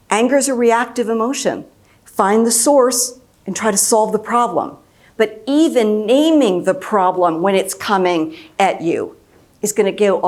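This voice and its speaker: A woman's voice: mid-range voice, darkish tone. A woman in her fifties, a mediator giving a conference lecture, speaking emphatically and repeating key phrases. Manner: emphatic and repetitive, acts out quoted speech.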